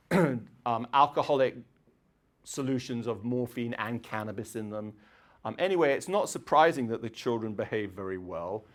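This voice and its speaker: A middle-aged man giving a chatty public lecture, often clearing his throat and filling pauses with um and uh. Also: mid-range voice. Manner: chatty, digressive, frequent throat clearing and fillers. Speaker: university lecturer. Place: lecture hall.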